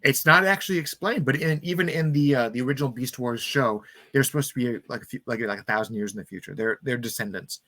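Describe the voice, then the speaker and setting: A man's voice: mid-range voice, pushed and bright, no room sound. Man recapping a movie plot. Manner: enthusiastic plot recap, acting out lines in quick voices. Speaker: podcast host. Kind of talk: casual podcast chat.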